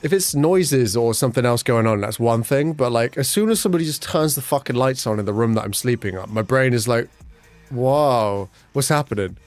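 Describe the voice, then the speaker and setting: A young man chatting casually with his livestream chat, talking fast and swearing, with his pitch jumping up whenever he quotes someone. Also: expressive, a little mellow, dry recording, faint music behind. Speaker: streamer.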